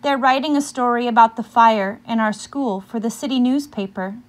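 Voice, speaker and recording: A woman reading aloud as a kind, gentle male village teacher who speaks encouragingly and mixes in Spanish words. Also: extremely high pitch, moderate pace.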